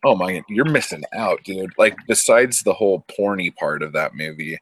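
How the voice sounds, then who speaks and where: A man's voice: low-pitched, normal speed, a bit bright, slight background noise. A man in casual podcast chat, recapping a film in a rambling, profane way and acting out characters in quotes. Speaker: podcast co-host.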